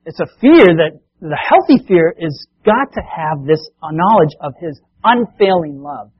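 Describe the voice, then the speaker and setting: A man preaching a sermon, telling a Bible story with animated delivery and acting out the voices of the people in it. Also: fairly high pitch, unhurried, breathy edge, highs cut off. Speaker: pastor.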